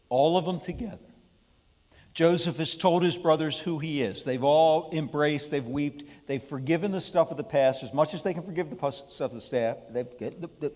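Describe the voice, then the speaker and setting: A man's voice: fairly high pitch, a little mellow. Emphatic man preaching in a church hall. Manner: emphatic, keeps asking the room "okay?". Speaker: pastor leading Bible study. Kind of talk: sermon-style Bible study. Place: church hall with an audience, live streamed.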